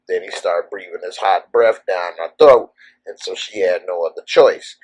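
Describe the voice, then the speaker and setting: A man's voice: deep voice, normal speed, darkish tone, breathy edge, low-quality recording. A man giving a loose, casual plot recap of a TV episode, full of "and so" and "uh", slipping into the characters' lines. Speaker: TV show recap reviewer.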